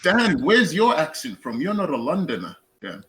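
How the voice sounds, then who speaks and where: A man chatting casually on a live stream panel, making slow, teasing remarks. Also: on the high side, wildly swooping pitch, a bit bright.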